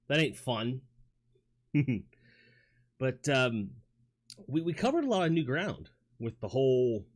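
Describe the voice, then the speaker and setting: A man with a New York accent hosting a casual livestream from home on a studio mic, rambling, reading chat aloud, with lots of fillers and restarts. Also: mid-range voice. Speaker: livestream host. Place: home toy room. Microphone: studio microphone.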